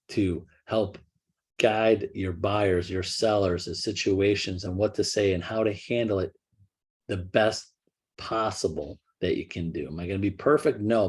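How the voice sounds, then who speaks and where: A man's voice: on the low side, a little mellow, breathy edge. A middle-aged American man in real estate, talking casually to agents, rambling a little and acting out what clients say. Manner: rambling, restarts and acts out quotes. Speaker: real estate brokerage leader.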